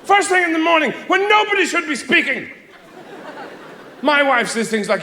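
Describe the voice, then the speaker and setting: Man, from Ireland, stand-up comedian, high voice, wildly swinging pitch, rambling, roomy live venue. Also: big pitch swings, normal speed, long pauses, a crowd in the background, background noise. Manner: rambling, trailing off into mutters then bursting into shouted mock quotes.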